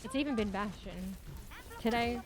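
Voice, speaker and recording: A woman streaming a game, giving live commentary, cursing often and shouting callouts to teammates. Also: a little high, moderate pace. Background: background music.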